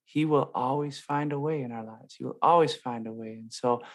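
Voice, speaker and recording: A priest co-hosts a faith podcast with lively, playful energy. His voice sits in a middling range and leaps up when a story excites him. He tells testimonies with relish. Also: mid-range voice, normal speed. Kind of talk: casual faith podcast chat.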